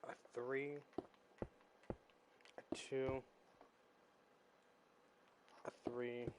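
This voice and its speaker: Guy on stream counting blocks real slow and quiet, bit of hiss behind. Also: mid-range voice, little pitch movement. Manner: slow, counting blocks under his breath. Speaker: streamer building pixel art. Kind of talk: casual livestream chat.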